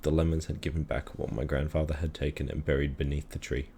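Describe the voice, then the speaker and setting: A man calmly reading a children's story aloud in a measured storytelling manner. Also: rumbling low, slight background noise. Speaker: reader.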